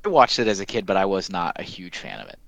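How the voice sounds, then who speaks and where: A man's voice: low-pitched, wildly swooping pitch, quick pace, vocal fry, a bit bright, no echo. A man hosting a casual podcast, who asks curious questions.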